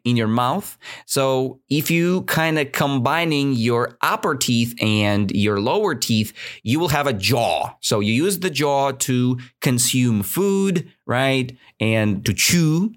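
A man teaching English vocabulary in a casual lesson, asking questions and tagging sentences with "right?", with non-native grammar. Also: mid-range voice. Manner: animated, asks many questions, says "right?" often. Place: indoors, drinking coffee at the mic.

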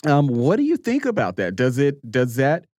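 A man's voice: mid-range voice, huge pitch swings, normal speed, a little mellow, no room sound, clean studio sound. A man co-hosting a talk show who asks a guest questions in a friendly, apologetic way. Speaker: co-host.

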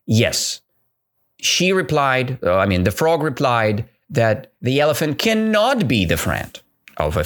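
Man from Russia, podcast English teacher. Slow, highly expressive delivery with constant check-in questions. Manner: retells a story and quizzes listeners with repeated questions. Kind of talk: podcast language lesson.

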